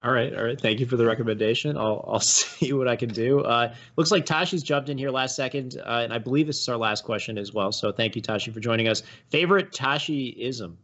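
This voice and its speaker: A man's voice: mid-range voice, a little fast, few pauses. Laid-back male stream host, dull audio. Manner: relaxed, friendly, laughing easily. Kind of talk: casual stream interview.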